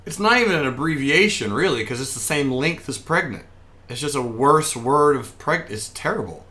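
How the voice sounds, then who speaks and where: A young man narrates his trading morning in a casual, chatty stream. His voice is bright and forward, at an ordinary pitch for a man. He jokes freely and reads viewer messages aloud between market calls. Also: big pitch swings, normal speed. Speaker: day trader streaming live. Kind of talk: casual live market commentary.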